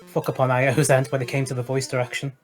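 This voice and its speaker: A man's voice: mid-range voice, flat delivery, fast talker, soft background music. A man from the UK making dry, wry remarks in a casual chat on a charity stream. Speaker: stream co-host.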